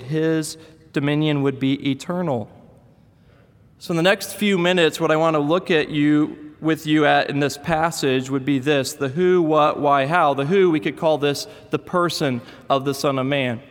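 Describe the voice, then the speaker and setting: A man's voice: fairly high pitch, measured pace, clean tone, big-room sound. A man preaching a sermon in a conversational, storytelling manner. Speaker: pastor.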